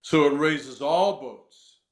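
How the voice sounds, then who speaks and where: In an echoey room, a male voice coach whose voice runs a little high walks listeners through a breathing exercise with slow, careful instructions. Afterward he answers questions in an interview.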